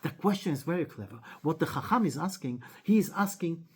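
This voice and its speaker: Animated man teaching a lesson. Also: husky. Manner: animated storyteller, acts out dialogue with sharp pitch jumps; halting, frequent restarts and fillers. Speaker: rabbi teaching a weekly class. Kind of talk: animated Torah lesson with storytelling.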